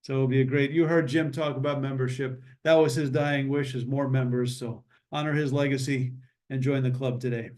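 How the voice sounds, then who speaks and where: A man hosting an online memorial meeting over a video call, talking in a relaxed, joking and meandering way. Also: mid-range voice, fairly quick. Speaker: meeting host. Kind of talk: casual memorial meeting chat.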